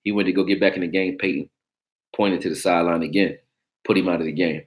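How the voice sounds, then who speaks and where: Deep-voiced blunt sports talk host. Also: male voice, steady tone, quick pace. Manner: blunt, profane, joking, reacting to chat. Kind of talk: casual sports talk livestream.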